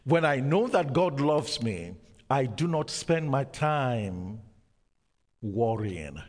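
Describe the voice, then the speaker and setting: A male preacher delivers a sermon at a deliberate, unhurried pace, pausing for effect. His voice swells loud for emphasis, then sinks to a hushed near-whisper. The sound carries a long reverb, as in a large church hall. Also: mid-range voice, very animated. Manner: slow, emphatic preaching with dramatic pauses and sudden drops to near-whisper.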